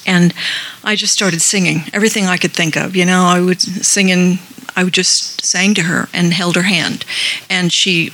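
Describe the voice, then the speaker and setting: A woman's voice: lowish voice, pushed and bright, rough recording. A middle-aged woman sharing a heartfelt personal story at a support meeting, acting out the voices she quotes. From Colorado. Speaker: group member sharing.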